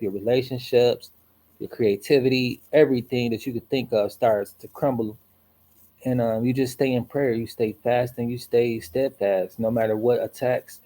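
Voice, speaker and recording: Man, mellow voice, casual storyteller, slangy and animated. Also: medium pitch. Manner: animated, slangy, swears and laughs while telling a spooky story.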